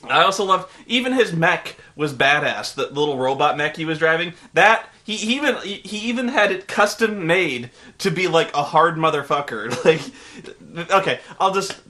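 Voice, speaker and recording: Man, high voice, bright, animated, profane, sarcastic movie rant. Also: moderate pace. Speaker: co-host. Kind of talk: casual movie review chat.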